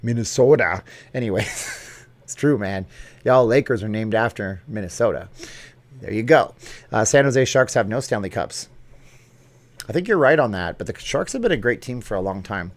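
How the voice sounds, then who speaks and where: A man's voice: fairly low pitch, animated, moderate pace, long pauses. A man hosting a casual livestream vlog, chatting in an upbeat way and jumping between topics as he reads viewer comments. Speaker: YouTube vlog host.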